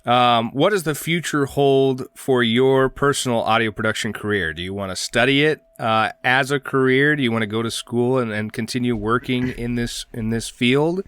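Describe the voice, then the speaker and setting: A man who is an actor, asking questions in a relaxed casual interview. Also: medium pitch, normal speed, hardly any pauses, clean tone, dry recording. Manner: relaxed, brief affirmations, easy laughter.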